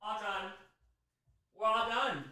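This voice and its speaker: A man hosts a charity livestream, his voice bright and sitting a little high. He chats loosely, fondly scolding his dog between thank-yous to donors. The sound carries a roomy echo. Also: steady tone, slow. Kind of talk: casual livestream chat.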